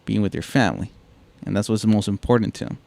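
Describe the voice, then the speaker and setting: A man co-hosting a podcast in casual chat, animated and quoting lines with a laugh. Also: fairly low pitch, fast talker, creaky. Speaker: podcast co-host.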